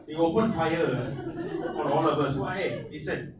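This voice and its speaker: Man, Malaysian English accent, high and lively voice, joking podcast co-host, echoey, noisy background. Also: extremely slow, pauses often, distant mic. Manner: wisecracking, lively reactions. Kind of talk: casual chat.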